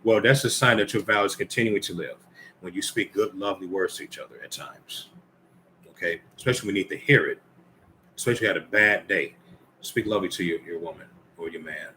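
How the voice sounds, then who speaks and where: A man's voice: low voice, a little fast, sharp tone, a little hiss or hum. A man giving informal Bible teaching, reading scripture aloud and commenting conversationally while speaking directly to the brothers and ladies listening.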